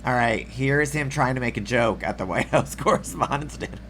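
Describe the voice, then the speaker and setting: A man ranting through a video commentary with biting sarcasm and plenty of swearing, his voice gravelly and fry-laden. The tone is bright and sharp, and his throat sounds a little rough. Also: mid-range voice, a little fast, a little hiss or hum. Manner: sarcastic, profane, exasperated ranting. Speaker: political commentary host.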